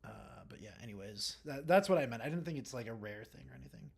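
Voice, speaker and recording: A man's voice: medium pitch, fast, vocal fry, breathy edge. Rambling young man chatting on stream. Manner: rambling and relaxed, many fillers and restarts. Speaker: livestreamer. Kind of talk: casual chat reading live comments.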